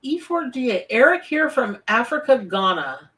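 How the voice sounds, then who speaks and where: A woman's voice: on the high side, big pitch swings, normal speed, a bit bright, distant mic. Chatty woman tarot reader. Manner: chatty, effusive, reads out viewer names. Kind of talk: live-stream chat and readings. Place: home office.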